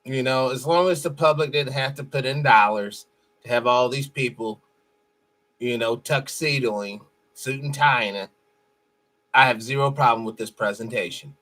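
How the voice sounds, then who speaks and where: A man's voice: medium pitch, normal speed, fairly bright tone. A man hosting a show, giving blunt, profane and mocking commentary over a played clip. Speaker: host.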